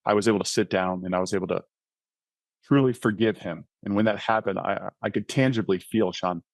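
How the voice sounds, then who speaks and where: Earnest low-voiced man telling his story. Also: steady tone, fairly quick, dry recording. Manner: earnest storyteller, often checks in with "right?". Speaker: podcast guest, author and mentoring ministry founder. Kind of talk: personal testimony in casual conversation.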